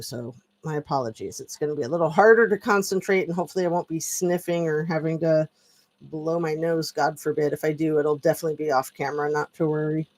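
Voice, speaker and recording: A woman's voice: low voice, a little mellow. A woman talking at home in a rambling, chatty political commentary vlog, often drifting off on tangents. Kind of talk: casual commentary monologue. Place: at home with a dog.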